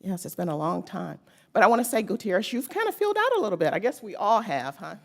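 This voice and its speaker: A woman's voice: medium pitch, big pitch swings, quick pace, gravelly. A woman making an emotional, pleading public comment at a city council meeting, speaking at a podium microphone. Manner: pleading, earnest, tearful at times. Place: council chamber.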